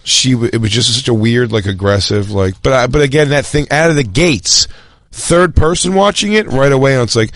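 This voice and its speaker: A man's voice: mid-range voice, brisk, fairly bright tone, no echo. A man co-hosting a casual comedy radio show, telling a long, rambling story and cutting himself off mid-sentence. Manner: rambling, self-interrupting storyteller. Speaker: co-host. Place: radio studio. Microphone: studio mic.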